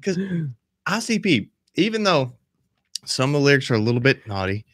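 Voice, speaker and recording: A man's voice: medium pitch, sing-song, normal speed, a bit bright, dry recording, studio quality. Rowdy, swearing man telling stories. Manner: profane, rowdy storytelling. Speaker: podcast host. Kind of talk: casual chat.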